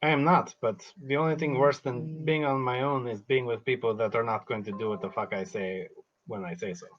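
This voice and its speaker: A man's voice: medium pitch, steady tone, brisk, lo-fi sound, lightly acted. Man playing a defiant, stubborn adventurer. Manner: defiant, curses, many filler ums. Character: stubborn male adventurer guarding his own quest. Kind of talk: in-character tabletop role-play.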